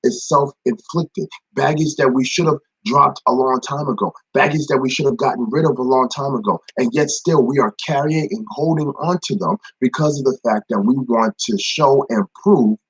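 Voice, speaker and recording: A young man leads a casual devotional talk for a ministry, repeating phrases for emphasis and greeting viewers by name. His voice is medium-pitched with a breathy edge, moving at a normal pace with barely any pauses, and the recording is rough.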